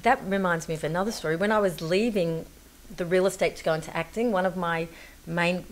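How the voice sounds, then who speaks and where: A woman's voice: fairly low pitch, fairly even intonation, brisk. A woman, a guest on a talk show, chatting and laughing through personal anecdotes with lots of fillers. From Australia. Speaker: guest actress.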